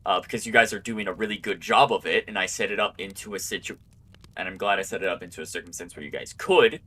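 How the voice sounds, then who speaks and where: A man running an online tabletop game as game master, talking in a relaxed, rambling way with many fillers. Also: low-pitched, fast talker.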